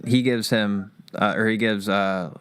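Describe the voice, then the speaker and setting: A man's voice: on the low side, steady tone, a little slow, fairly bright tone, clean tone. A man hosting a boxing podcast, chatting casually, rambling and cursing now and then. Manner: rambling, laughs easily, curses. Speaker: podcast host.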